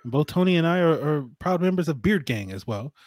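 A man's voice: on the high side, lively intonation, brisk, darkish tone, no echo, clean studio sound. A man guest on a sports podcast, talking football in a conversational way with lots of hedging. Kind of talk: casual sports analysis talk.

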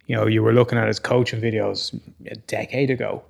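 Male co-host, gravelly voice, blunt and opinionated. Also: fairly low pitch, little pitch movement, a little fast. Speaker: podcast co-host. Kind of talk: casual sports chat.

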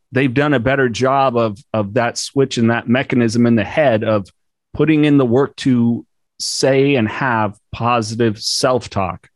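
A man hosting an interview podcast, his voice mid-pitched and recorded dry and close. He talks in a relaxed, searching way, circling around his questions. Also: no room sound. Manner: relaxed, searching, many fillers. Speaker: podcast host. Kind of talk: conversational interview.

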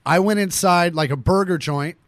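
A man co-hosting a podcast, chatting in a quick, joking way. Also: high voice, dry recording, studio quality. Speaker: podcast co-host. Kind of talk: casual podcast chat.

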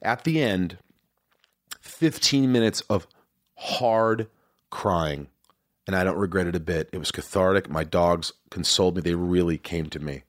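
A man's voice: deep voice, measured pace, no echo, studio quality. A man in his forties, a podcast host, talking earnestly and emphatically in a rambling, confessional way. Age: 40s. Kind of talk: casual confessional talk.

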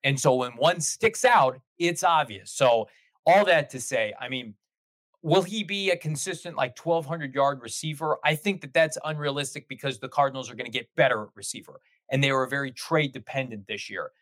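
Animated man talking sports. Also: medium pitch, normal speed, no room sound. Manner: animated, talks in long run-on stretches. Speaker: podcast guest, team show host. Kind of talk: casual sports chat.

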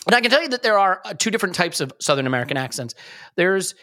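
A man's voice: sits high, big pitch swings, very fast, pushed and bright. A man hosting a sports podcast, talking emphatically and repeating key phrases for punch. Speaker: podcast host. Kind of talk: casual sports podcast chat.

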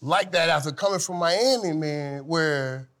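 A man telling stories as a guest, animated and laughing, swinging from loud outbursts to hushed tones. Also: fairly high pitch, unhurried. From from Saint Thomas. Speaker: guest, former football player. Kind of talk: casual storytelling.

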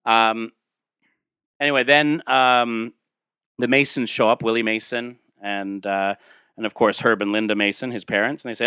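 A man's voice: lowish voice, steady tone, normal speed, bright, forceful tone, smooth, no room sound, clean studio sound. Chatty man retelling a comic story. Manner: rambling, chatty, with fillers and asides. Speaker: storyteller reading a comic aloud. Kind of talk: casual storytelling to a child.

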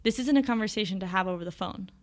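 A woman voicing a secretive, scheming young man in an audiobook, speaking in a hushed, evasive way. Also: mid-range voice, very fast, natural voice. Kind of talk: audiobook character voice.

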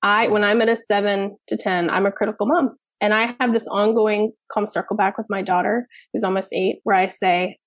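A woman in her thirties, a child therapist and parenting expert, talks candidly and casually in an interview, sprinkling in "like" and "you know what I mean". Her mid-range voice is flat and fairly quick with few pauses, and there's no room sound.

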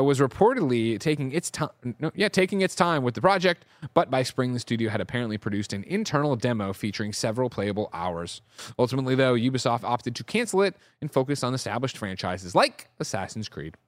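A man's voice: mid-range voice, fast, no echo. Guy reading out game news on a podcast, voice jumps up and down a lot, dry close mic. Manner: lively delivery, reads reports aloud with asides. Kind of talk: casual news chat.

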